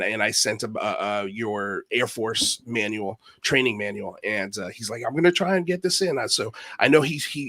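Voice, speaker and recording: A man's voice: medium pitch, pushed and bright. A man hosting a casual livestream interview, upbeat and self-deprecating, joking about his own mistakes. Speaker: host.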